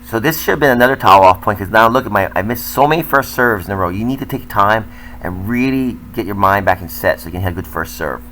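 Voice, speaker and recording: A man's voice: fairly low pitch, expressive, quick pace, sharp tone, a little hiss or hum, low-quality recording. An older man, a tennis coach, talking candidly and self-critically as he comments over footage of his own match.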